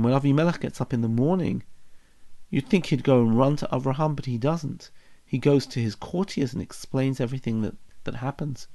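A man's voice: mid-range voice, brisk, warm tone. Man teaching a text, reflective and questioning. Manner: reflective, asks many questions. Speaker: Bible teacher. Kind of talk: text study lesson.

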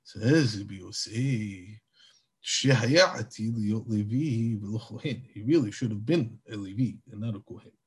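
A man giving a Torah class in a lively, animated way. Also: on the low side, unhurried, breathy edge. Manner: animated, acts out biblical dialogue. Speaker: Torah teacher.

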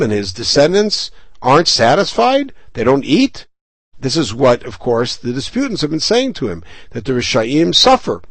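A man's voice: medium pitch, huge pitch swings, moderate pace, fairly bright tone, no echo, rough recording. A middle-aged male rabbi teaching a Bible chapter, reading each Hebrew verse and then paraphrasing it in English with rhetorical questions. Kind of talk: verse-by-verse text study lesson.

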